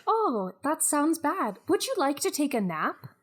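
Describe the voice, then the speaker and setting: A woman playing a Scottish shipboard bookworm, courteous, slow, high voice, quick to suspicion. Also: big pitch swings. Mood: puzzled. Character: polite, prickly young woman reading aboard a ship.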